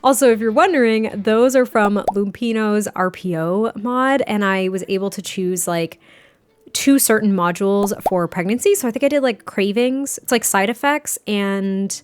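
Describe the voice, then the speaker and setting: A woman's voice: mid-range voice, normal speed, smooth, no room sound. A young woman giving casual, chatty gameplay commentary, giggling often and restarting her sentences. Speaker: gaming creator.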